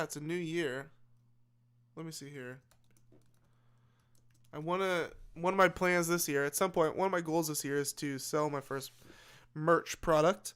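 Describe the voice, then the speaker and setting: Young guy, stream host, late-night casual chat, rambly with repeats, smooth tone a touch high. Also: fairly bright tone. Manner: rambling, repeats and restarts words. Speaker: livestream host.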